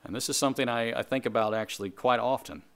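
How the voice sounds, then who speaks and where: A man preaching a sermon to a congregation in a conversational way, with jokes, quick asides and repeated phrases. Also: medium pitch, steady tone, a bit bright, clear, resonant tone. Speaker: pastor.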